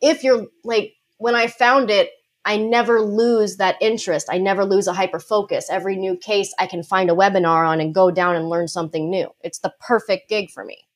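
A woman's voice: medium pitch, steady tone, fairly quick. A woman guest on a podcast interview, a dog behavior consultant explaining things confidently with light laughs.

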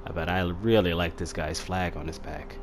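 A young man casually commenting while playing a fighting game, trash-talking opponents and shouting battle cries. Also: low voice, steady tone, moderate pace, over music. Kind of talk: casual let's-play commentary.

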